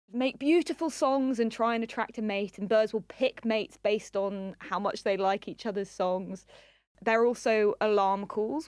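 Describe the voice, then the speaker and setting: A woman science reporter explaining things in quick, lively conversational chat. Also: medium pitch, no room sound, clean studio sound.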